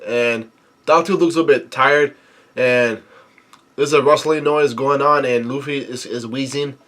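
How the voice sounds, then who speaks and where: A man reading a comic chapter aloud and commenting as he goes, hesitant with many fillers and easily excited. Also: medium pitch, a little slow. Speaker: manga reviewer. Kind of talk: casual read-through commentary.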